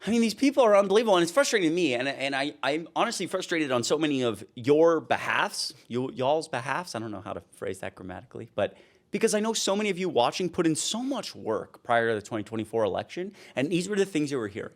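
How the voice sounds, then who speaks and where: Young man, political commentator, heated rant, lively pitch, slightly high voice. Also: quick pace. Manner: heated, ranting, often worked up.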